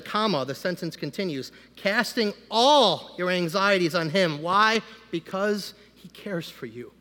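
A man, a pastor, giving a conversational sermon that rises into loud, emphatic preaching. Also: on the high side. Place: church sanctuary. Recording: long hall reverb.

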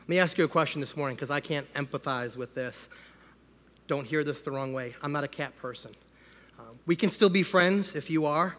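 Bright-voiced pastor preaching in a hall. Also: male voice, a little high, fairly quick. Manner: conversational, builds to loud emphatic preaching. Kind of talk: sermon. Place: church sanctuary. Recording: long hall reverb.

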